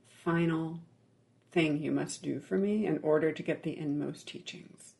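A stern old male spiritual master issues a grave command, quoted by a meditation teacher. The voice is gravelly and deliberate. It stays close to the storyteller's natural mid-range pitch. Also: a little mellow.

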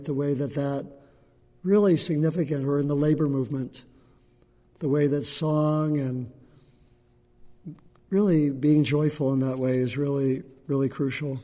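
A man giving a gentle, unhurried dharma talk to a group as a meditation teacher, pausing often. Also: a little high, big-room sound. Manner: gentle, unhurried, with frequent pauses and fillers.

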